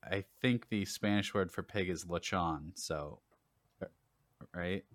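A man hosting a casual gaming podcast, relaxed and joking, with lots of fillers. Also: deep voice, slow, no room sound. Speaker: podcast host.

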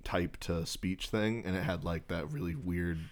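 A young man co-hosting a casual podcast, telling crude anecdotes in an animated way, often laughing. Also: low voice, unhurried. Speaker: podcast co-host. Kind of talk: casual chat, storytelling.

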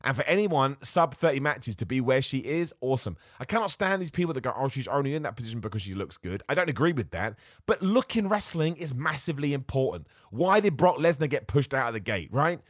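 A man's voice: fairly high pitch, sing-song, fairly quick, few pauses, no room sound, studio quality. A man hosting a solo podcast, talking in a casual, rambling, opinionated way and going off on asides. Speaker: podcast host. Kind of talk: casual solo wrestling chat.

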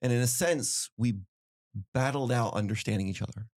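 A middle-aged man co-hosting a podcast, telling stories in an animated way and repeating phrases for emphasis. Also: medium pitch, moderate pace. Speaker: podcast co-host. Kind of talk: casual podcast chat.

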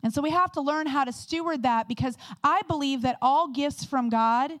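Higher-voiced woman preaching candidly. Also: a bit bright, no echo. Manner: candid, conversational preaching with quick asides. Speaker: guest speaker. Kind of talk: sermon.

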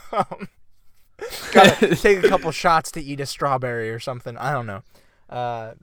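A man's voice: mid-range voice, lively intonation, moderate pace, a bit bright, dry recording, clean studio sound. A man co-hosting a casual podcast chat, arguing playfully, swearing freely and filling his talk with "like". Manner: blunt, swears, argues playfully. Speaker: podcast co-host.

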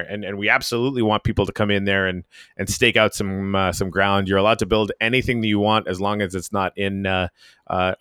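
A man with a very deep voice hosts a relaxed podcast conversation, wandering through his thoughts with plenty of "um"s and restarts. He is from the Canadian Arctic, and the sound is close and dry with no room echo. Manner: rambling, many fillers and restarts. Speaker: podcast host. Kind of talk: casual podcast chat.

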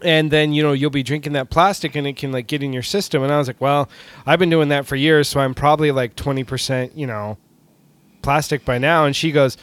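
A man's voice: fairly high pitch, steady tone, brisk, clean tone, dry recording. A middle-aged man from California co-hosting a podcast, chatting casually, telling stories and laughing often. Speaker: podcast co-host. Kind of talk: casual chat.

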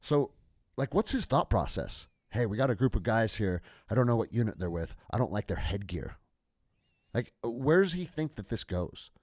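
A man with a lowish voice hosts a podcast, and his pitch swings widely as he talks. He speaks casually and swears freely. The mic is close and dry. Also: moderate pace, no room sound. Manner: lively, profane, conversational. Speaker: podcast host, military veteran.

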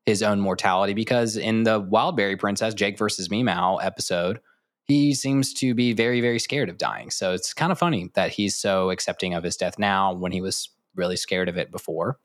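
A man's voice: on the low side, steady tone, normal speed, no room sound, studio quality. A man co-hosting a podcast in casual chat, rambling through a list of trivia with many fillers. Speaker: podcast co-host.

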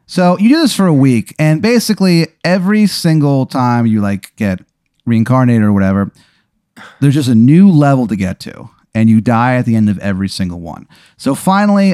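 A man's voice: mid-range voice, expressive, normal speed, mellow, no echo, studio quality. A man running an improvised tabletop game as game master, narrating in a laid-back, rambling way with many fillers.

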